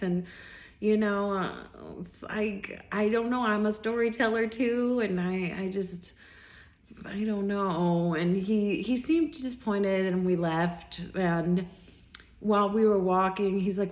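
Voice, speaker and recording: A woman vlogger with a medium-pitched voice talks slowly in a reverberant space, casually recounting a recent date. She acts out both sides of the conversation, full of fillers and restarts, in a storytelling monologue.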